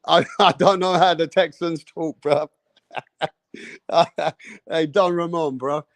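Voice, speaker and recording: A man hosting a boxing livestream, talking in an excitable, profane, hype way. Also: on the high side, slow pace, no echo. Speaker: boxing YouTube host. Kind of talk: casual livestream chat.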